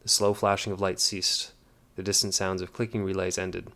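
A male narrator reading an audiobook with measured, steady delivery. His voice sits very low and stays level with little rise or fall. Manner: measured, even.

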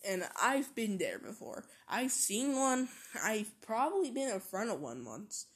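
A woman's voice: fairly high pitch, very animated, unhurried, slightly rough. A woman vlogging in a casual rant, swearing constantly and repeating herself.

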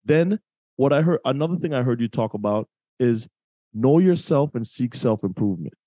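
Mellow-voiced man hosting a podcast. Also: medium pitch, expressive, normal speed, no room sound. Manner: reflective, sums up the guest's points, some restarts. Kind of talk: casual podcast conversation.

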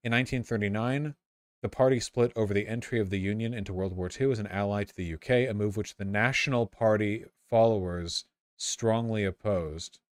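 A man with a fairly low voice reads a history text aloud, then drifts into offhand, sarcastic commentary. He stumbles and repeats words as he goes. The sound is dry, with no room echo. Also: brisk.

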